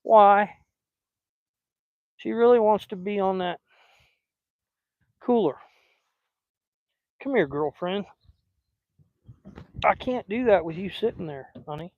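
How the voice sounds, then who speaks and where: Folksy guy doing a fishing livestream by the lake, gravelly and a bit high, dull dry phone sound. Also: unhurried, long pauses, no room sound. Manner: chatty, folksy, talks fondly to his dog. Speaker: live-stream fishing host. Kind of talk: casual live-stream chat. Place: outdoors by a lake.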